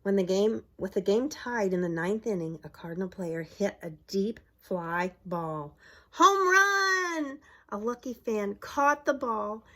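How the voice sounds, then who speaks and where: A middle-aged preschool owner reads a picture book to young children a little slowly and with hardly any pauses, in a mid-range voice. She shows the pages and asks questions while pointing at the pictures, brightening into an exaggerated voice for cheers.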